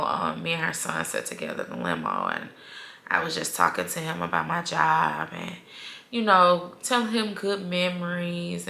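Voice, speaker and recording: A young woman talks straight to her viewers in a loose, rambling vlog style. Her low voice carries gravelly fry and a bright, forceful edge. The room around her rings with echo. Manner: chatty, rambling, heavy use of "like". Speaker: vlogger. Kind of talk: casual personal vlog talk.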